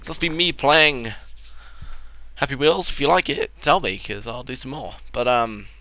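A young man giving excitable, joking let's-play commentary, crude and sarcastic. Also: mid-range voice, normal speed. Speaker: gaming channel host. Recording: loud background noise.

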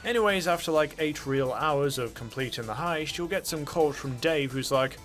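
A man's voice: on the high side, lively intonation, normal speed, hardly any pauses, a bit bright, soft background music. Chatty young-sounding male game reviewer. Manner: chatty, offhand, jokey asides. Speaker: gaming channel host. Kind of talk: casual game review narration.

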